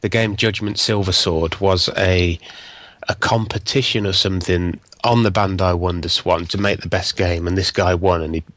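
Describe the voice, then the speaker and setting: A man co-hosting a podcast, telling an excited, halting story in casual chat. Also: sits low, dry recording. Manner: enthusiastic, hesitant storyteller with many restarts. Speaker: podcast co-host.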